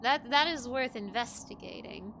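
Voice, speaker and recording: A woman's voice: fairly high pitch, moderate pace, background noise. A woman streaming a game, chatting playfully with her viewers and giggling often. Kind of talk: casual gaming commentary. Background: game music.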